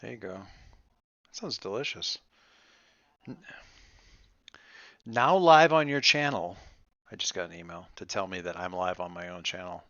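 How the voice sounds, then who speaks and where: A man's voice: low-pitched, moderate pace, long pauses, a bit bright, no room sound, lo-fi sound. A man running a tabletop game online, chatting casually and joking offhand before play begins. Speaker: game master. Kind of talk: casual pre-game chat.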